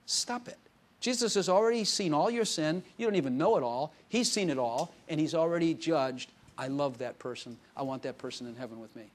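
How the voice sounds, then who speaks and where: A male pastor preaching a casual, conversational sermon, telling stories with quoted dialogue and laughing often. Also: fairly high pitch.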